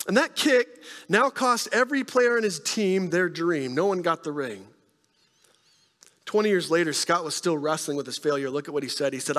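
A man preaching a sermon in a conversational way, often checking in with the congregation with quick questions. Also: high-pitched, fairly bright tone, in a large hall. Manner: conversational preaching, frequent "right?" tag questions. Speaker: pastor.

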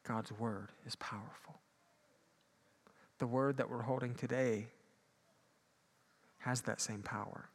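A man preaching a sermon, moving between loud emphatic peaks and quiet low asides. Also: fairly even intonation, takes it slowly, long pauses, husky. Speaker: pastor.

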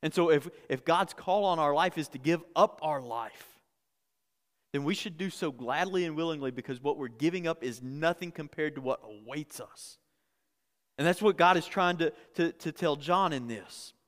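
A man's voice: on the high side, normal speed, long reverb tail. A man preaching a sermon in a conversational way, often repeating words and building to emphatic peaks. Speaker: pastor.

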